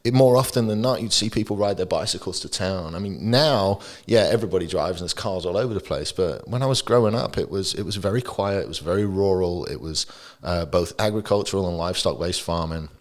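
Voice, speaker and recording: Late-30s English man, Texan-tinged accent, low voice, relaxed and humorous podcast guest. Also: fairly quick. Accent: English accent with Texan influence. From England. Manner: lively, jokey storyteller. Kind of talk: casual podcast chat.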